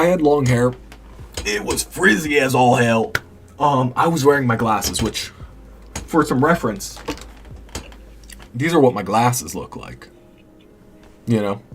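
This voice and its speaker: A man's voice: mid-range voice, slight background noise. A young man chatting casually and candidly with his stream chat late at night, rambling a little and laughing often.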